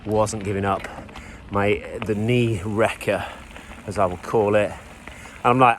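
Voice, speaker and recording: A man's voice: fairly low pitch, steady tone, takes it slowly. Male cyclist, casual on-the-go vlog narration, conversational and self-deprecating, faint outdoor background noise. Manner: chatty, rambling, with self-deprecating asides. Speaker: bikepacking racer vlogging the ride. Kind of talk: casual spoken recap while riding. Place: outdoors on a trail, riding a bike.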